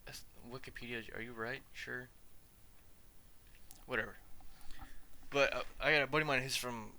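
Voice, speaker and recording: A man's voice: mid-range voice, steady tone, normal speed, pushed and bright, slight background noise. A man hosting a podcast, ranting casually in a rambling, profane way and trailing off into asides. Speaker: podcast host.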